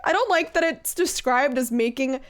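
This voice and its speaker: High, giggly woman streamer. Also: moderate pace. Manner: giggly, crude, swears freely; bursts into loud squealing laughter. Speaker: VTuber streamer. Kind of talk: casual live-stream chat.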